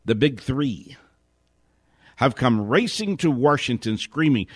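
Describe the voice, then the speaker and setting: A man giving a spoken commentary monologue, indignant, asking question after question and dropping to a hushed whisper for emphasis. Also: lowish voice, lively intonation, no echo, studio quality. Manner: indignant, rapid rhetorical questions. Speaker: host.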